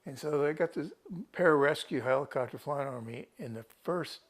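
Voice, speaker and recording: A man's voice: fairly high pitch, a little fast, few pauses. A man who was rescued after getting lost on a hike tells the story to a TV reporter in a rambling, casual way. He often restarts his sentences and quotes his own thoughts. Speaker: rescued hiker interviewed by a TV reporter. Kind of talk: casual first-person account.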